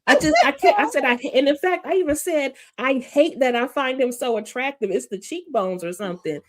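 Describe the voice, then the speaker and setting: Laughing, animated woman in a recap chat. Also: high-pitched, a little fast. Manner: animated, laughs easily, exclamatory. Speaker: recap co-host.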